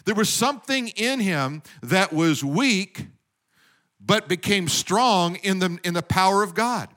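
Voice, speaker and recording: A man's voice: sits high, animated, measured pace, fairly bright tone. Man preaching a conversational sermon. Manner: conversational preaching, rising emphatically on key points. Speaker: pastor.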